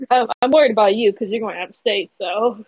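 A young woman co-hosting a casual podcast, halting and giggly, often trailing off. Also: on the high side, husky, dry recording. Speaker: podcast co-host. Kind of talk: casual chat. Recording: dull lo-fi home mic.

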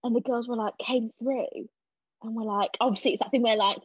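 A young woman chats as a podcast guest, her voice sitting fairly high, and she throws herself into animated storytelling, acting out everyone's lines. The sound is dry and close, but a little dull and lo-fi. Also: brisk, husky, no room sound. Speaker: podcast guest, stage actress. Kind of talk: casual chat.

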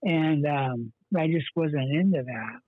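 A man with a husky, slightly high voice tells his story in a rambling, earnest way, full of fillers and restarts. The sound is tinny like a phone line and very dry. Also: takes it slowly, no room sound. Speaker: pastor, guest. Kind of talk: telling his life story in an interview.

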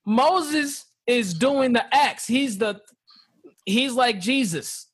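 A man in a casual Bible discussion, reading scripture slowly and acting out the dialogue with animation. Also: very high-pitched, expressive, a bit bright, breathy edge. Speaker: podcast co-host teaching scripture.

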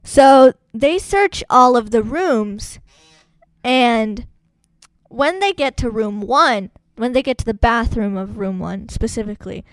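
Co-host, woman, high voice, slow unhurried delivery, chatty film recap. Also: dry recording, studio quality. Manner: chatty, animated storytelling. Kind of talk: casual film recap chat.

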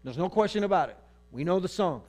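Preacher playing a blunt, slangy army commander. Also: male voice, sits high, animated, fast, darkish tone. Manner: casual, blunt.

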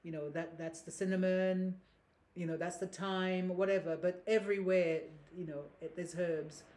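A woman's voice: fairly low pitch, fairly even intonation, moderate pace, dark tone. A woman from Grenada, a guest telling casual family stories, rambling with many restarts and fillers. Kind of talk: casual storytelling. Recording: roomy echo.

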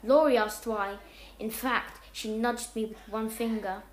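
A woman reading a homemade story aloud, animated, jumping up in pitch and loudness whenever a character speaks. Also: unhurried, echoey room, a little hiss or hum.

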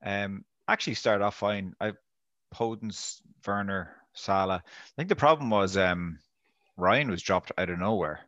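A podcast co-host with a lowish voice, recorded close and dry. He talks in a wry, self-mocking way, with plenty of hesitations. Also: a little slow, a bit bright, no room sound, lo-fi sound. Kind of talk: casual podcast chat.

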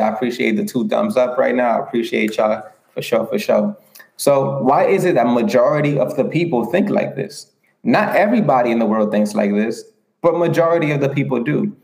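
A man's voice: medium pitch, gravelly, a little mellow, roomy sound, rough recording. A man giving an earnest motivational talk on a livestream, repeating himself and asking rhetorical questions. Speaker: motivational speaker.

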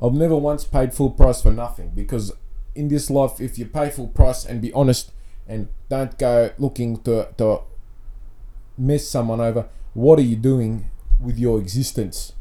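Solo male podcast host, deadpan and rambling, mid-pitched, talking close to a podcast mic. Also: normal speed. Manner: deadpan, rambling, self-mocking.

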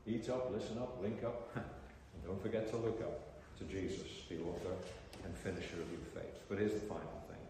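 An older man preaching a sermon at a convention, alternating between loud, impassioned declarations and quiet reflective passages. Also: deep voice, moderate pace, hardly any pauses, noisy background. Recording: echoey hall, heard from far off.

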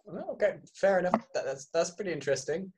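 A man's voice: high voice, lively intonation, quick pace, a little mellow. A male podcast co-host with a mixed English and Canadian accent, who jokes at his own expense and stumbles over his first words, speaking into a studio microphone. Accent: mix of English and Canadian. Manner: joking, self-mocking, repeats words when starting. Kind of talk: casual chat.

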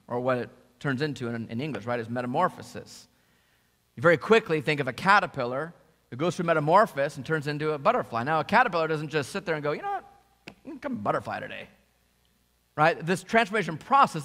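A man's voice: a little high, a bit bright. A man preaching a sermon as pastor, earnestly addressing his congregation and building to emphatic passages. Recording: long hall reverb.

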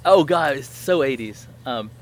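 A man's voice: mid-range voice, expressive, unhurried, a crowd in the background. A man in his thirties hosting a podcast, telling a story in a rambling way with many fillers and restarts. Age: 30s. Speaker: podcast host. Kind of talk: casual chat.

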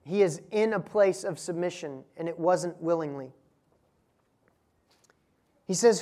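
A woman's voice: on the low side, a little slow, pauses often, mellow. A woman preaching a sermon, asking rhetorical questions, stressing key words and adding laughing asides to the congregation. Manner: dynamic preaching with rhetorical questions and strong emphasis.

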